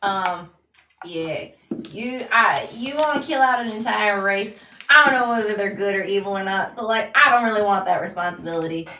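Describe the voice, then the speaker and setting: A woman's voice: medium pitch, moderate pace, pushed and bright, far from the mic, slight background noise. A woman playing a tabletop game in casual chat, uncertain and chatty, her sentences trailing off. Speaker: player. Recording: roomy sound from away from the mic.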